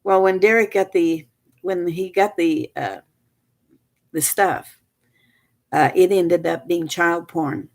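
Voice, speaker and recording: An older woman with a somewhat low voice tells a family story in a loose, rambling way. She stumbles through restarts and fillers. She grows animated as she relives the key moments. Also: takes it slowly, pauses often. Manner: animated, rises sharply when reliving moments. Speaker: storyteller recounting family events. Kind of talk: casual spoken storytelling.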